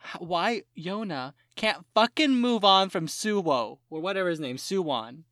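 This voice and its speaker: Podcast cohost going off, swears a ton, does mocking voices, mid pitch, dry sound. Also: a little slow, no room sound. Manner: animated ranting with profanity and mock quotes. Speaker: podcast co-host. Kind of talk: casual chat.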